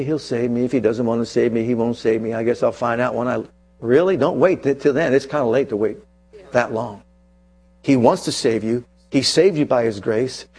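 A man preaching a sermon with emphatic declarations and call-and-response, swinging between loud proclamations and quiet asides. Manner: emphatic, rising to loud declarations and dropping low; leads congregation in call-and-response.

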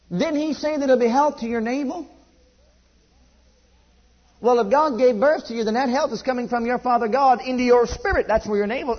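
High male preacher, fervent repetitive sermon delivery, muffled lo-fi recording. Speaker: pastor. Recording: dull lo-fi church recording.

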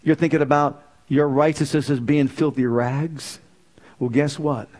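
A man preaching a sermon, firing off rhetorical questions and swinging from fervent exclamations down to low, quiet lines. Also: fairly even intonation. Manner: rising to fervent exclamations, then dropping low; asks the audience rapid rhetorical questions.

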